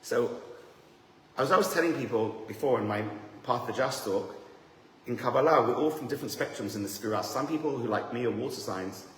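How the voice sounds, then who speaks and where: A man giving a lively, joking seminar talk as a rabbi, teasing himself and the audience. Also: medium pitch, brisk. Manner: animated, joking, self-deprecating. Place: room with a live audience. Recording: echoey hall, faint noise.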